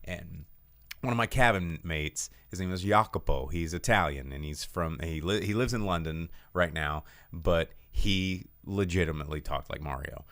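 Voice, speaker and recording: A man co-hosting a movie podcast in casual chat, an animated storyteller. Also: deep voice, moderate pace, no room sound, clean studio sound. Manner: animated storyteller, lots of fillers. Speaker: podcast co-host.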